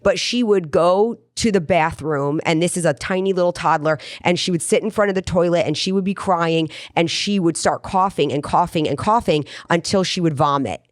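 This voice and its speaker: Low-voiced woman telling a rambling story. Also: normal speed, few pauses, dry recording, clean studio sound. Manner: earnest, rambling personal storytelling. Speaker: podcast host. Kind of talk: casual podcast chat.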